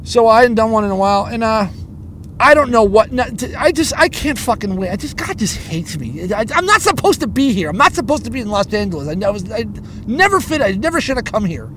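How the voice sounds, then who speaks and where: A man's voice: high-pitched, very animated, fairly quick, fairly bright tone, slight background noise. A man who does stand-up comedy, telling a story as an angry, profanity-heavy rant that stumbles and repeats itself. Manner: angry, profanity-laden, stammering.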